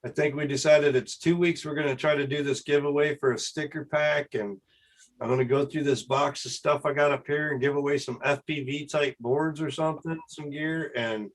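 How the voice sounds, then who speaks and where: A man hosts a casual group chat, explaining things in an easygoing way. His voice sits fairly high. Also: steady tone, normal speed. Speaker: host.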